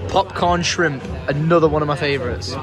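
A young man hosting his vlog, chatting excitedly and laughing often over a meal in a busy restaurant. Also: a little high. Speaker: vlogger host. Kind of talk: casual chat. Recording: noisy restaurant with music and chatter.

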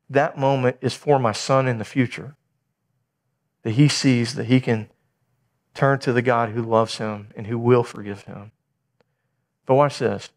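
Middle-aged male pastor, sermon delivery, animated storyteller, middle pitch. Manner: animated storytelling, acting out dialogue.

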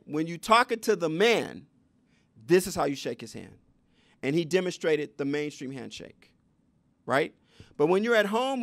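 A man lecturing with a gravelly, slightly raised voice and an emphatic, preacher-like cadence that repeats its points. The sound is close and dry. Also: fairly high pitch, fairly bright tone, dry recording. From United States. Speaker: education speaker. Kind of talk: lecture to an audience.

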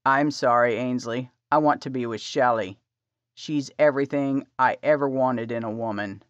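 A woman voicing a tender, protective adult husband, speaking low, gentle and concerned. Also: moderate pace, no room sound. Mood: cold. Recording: dry, slightly dull audio.

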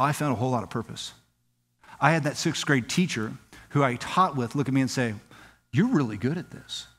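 A man from Southern California preaching a sermon as pastor, telling his story with lively acted-out quotes. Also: long reverb tail. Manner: animated storytelling, acts out quoted dialogue with rising pitch. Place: church sanctuary.

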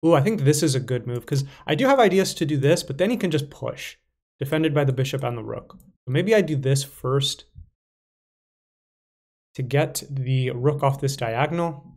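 Streaming online chess, a young man thinks out loud in a mid-range, expressive voice at normal speed, a little mellow in tone. He mumbles to himself, casual and playful with his asides.

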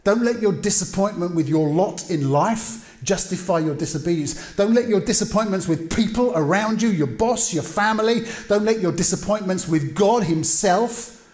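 A middle-aged preacher with a high-pitched voice, telling a sermon as lively, humorous stories. His voice rings around a roomy church hall. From England. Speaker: pastor.

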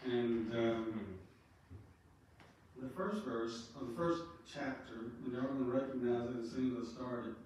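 A man's voice: medium pitch, a little slow, darkish tone, slight background noise. A man giving a rambling, anecdotal eulogy at a funeral home. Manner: rambling, anecdotal, with frequent fillers. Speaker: funeral speaker. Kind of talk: folksy eulogy storytelling. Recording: very echoey room, distant mic.

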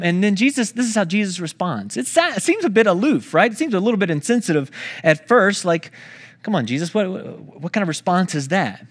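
A man's voice: high voice, very animated, brisk. A man preaching a sermon, talking through a scripture story in a conversational way, with storytelling asides to the congregation. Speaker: pastor.

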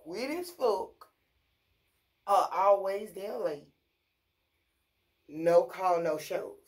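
A woman, ranting casually and bluntly about her fast-food job, full of profanity. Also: mid-range voice, expressive. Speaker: vlogger. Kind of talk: casual rant to camera.

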